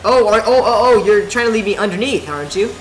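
A young man hosting a let's play, chatting excitedly to viewers as he plays. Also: high voice, fast. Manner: excitable, chatty, talks to the viewers while playing. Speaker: gaming video host. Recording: roomy home recording. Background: faint game music.

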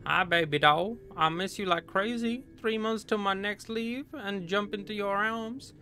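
A homesick young sailor writes to his sweetheart in a broad, put-on American accent, as a man reads the letter aloud. The voice sits a little higher than his usual talk and stays tender and wistful. Faint noise lies under it. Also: unhurried, pushed and bright, full character voice. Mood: affectionate. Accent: put-on stereotypical American.

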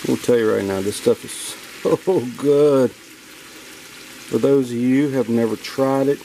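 A man's voice: medium pitch, unhurried, creaky, mellow, a little hiss or hum, low-quality recording. A man hosting a casual cooking vlog, talking straight to his viewers in a folksy, enthusiastic way. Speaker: outdoor cooking channel host. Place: home kitchen with food frying. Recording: faint kitchen sizzle behind.

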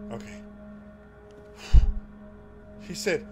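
A man's voice: fairly high pitch, animated, normal speed, pauses often, loud music behind the voice. Jumpy man streaming a horror game. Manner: jumpy, talks to chat, yelps at scares. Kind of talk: live horror gameplay commentary.

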